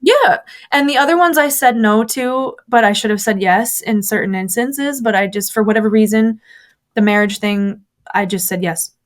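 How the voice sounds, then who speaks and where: A woman's voice: mid-range voice, moderate pace. A woman recounting her years in a church as an interview guest, telling the story animatedly and acting out what others said. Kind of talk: personal testimony in conversation.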